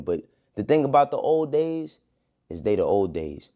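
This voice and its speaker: A man in a played clip, talking casually in a relaxed, slangy, conversational way. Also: mid-range voice, moderate pace.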